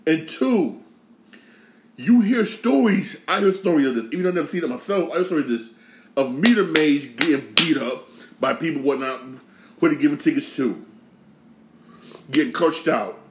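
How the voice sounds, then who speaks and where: A man from Connecticut hosting a podcast, ranting casually with slang and a lot of repetition, swinging from loud outrage to low grumbling. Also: animated, normal speed, long pauses, reverberant. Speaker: podcast host. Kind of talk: casual sports rant.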